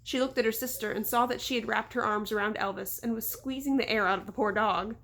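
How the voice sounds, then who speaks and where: A woman reading a children's novel aloud in a relaxed, homemade style with small slips and asides. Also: a little high, fast, creaky. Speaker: audiobook reader. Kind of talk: casual storybook read-aloud.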